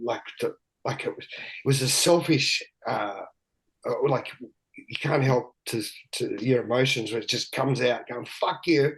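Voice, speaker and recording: A man's voice: mid-range voice, rough recording. A middle-aged man, a podcast guest telling candid stories loosely, swearing freely and often laughing as he talks. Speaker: podcast guest, big wave surfer. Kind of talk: candid storytelling in casual conversation.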